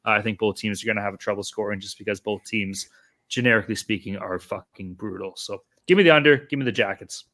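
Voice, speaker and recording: A man's voice: lowish voice, fast talker, bright, forceful tone. A man co-hosting a sports betting podcast, chatting casually and swearing often. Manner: loose, swears often, joking. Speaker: podcast co-host.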